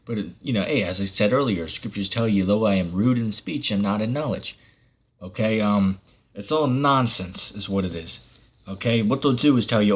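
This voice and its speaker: A man's voice: fairly low pitch, moderate pace, slightly rough. A man giving a casual online sermon, rambling with many fillers and breaking into sarcastic bursts. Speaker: preacher.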